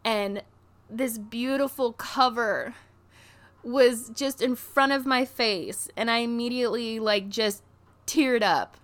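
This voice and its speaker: A woman vlogger telling a story in a casual, chatty way, full of "like" fillers and excited gushing. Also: fairly high pitch, slow. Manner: chatty, filler-heavy with constant "like".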